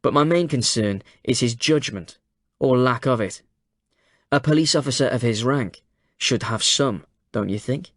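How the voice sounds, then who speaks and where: A man playing a deadpan detective chief inspector. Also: medium pitch, unhurried, dry recording, clean studio sound. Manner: deadpan, blunt. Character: cool, calculating male detective chief inspector. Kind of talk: audiobook character voice.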